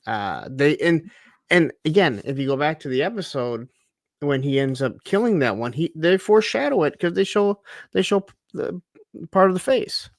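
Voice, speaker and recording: A man co-hosting a casual TV recap chat, thinking aloud with fillers and quick asides. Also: on the high side, expressive, no room sound, studio quality. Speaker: podcast co-host.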